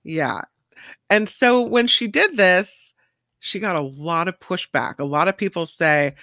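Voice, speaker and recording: A woman's voice: lowish voice, expressive, unhurried, pushed and bright, dry recording. Woman from california, chatty news co-host, dry close sound. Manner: chatty, reads stories then riffs. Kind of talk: casual news chat.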